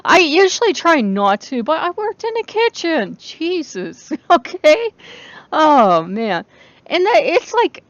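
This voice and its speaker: A woman's voice: high voice, big pitch swings, takes it slowly, dry recording, dull audio. A woman in her forties hosting her own channel, talking casually, swearing freely, rambling and laughing often. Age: 40s. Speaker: channel host. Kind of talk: casual spoken vlog.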